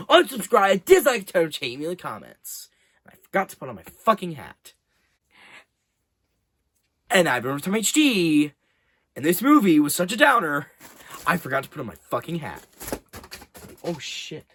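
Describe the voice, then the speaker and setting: A man rambles through a casual movie review at home, his pitch bouncing up and down all the while. He swears freely and keeps circling back on himself. The sound is close and dry, with no room echo. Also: fairly bright tone, breathy edge. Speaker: movie review channel host.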